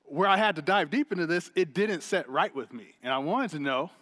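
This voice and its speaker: Upbeat pastor guy, slightly high voice, chatty sermon, big echoey hall. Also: fairly quick. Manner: energetic, chatty, laughing often. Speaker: preacher. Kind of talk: sermon with personal story. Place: church hall stage.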